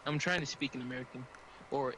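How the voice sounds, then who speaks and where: A man chatting with a stranger on voice chat, playful and theatrical, with sudden loud outbursts. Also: medium pitch, quick pace, rough recording. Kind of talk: casual voice-chat banter.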